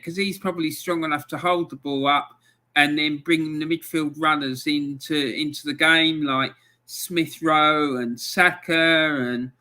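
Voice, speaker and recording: Man, live-stream football rant, fired-up and exasperated, bright edgy voice, slightly high. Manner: angry, exasperated ranting. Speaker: fan channel host.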